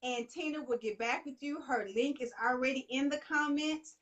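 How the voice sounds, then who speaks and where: A woman hosts a casual live interview. Her voice is high. She is upbeat and rallies her viewers. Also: fairly even intonation, normal speed, fairly bright tone. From Texas. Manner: upbeat, hypes viewers, says y'all. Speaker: interview host. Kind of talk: casual live show sign-off.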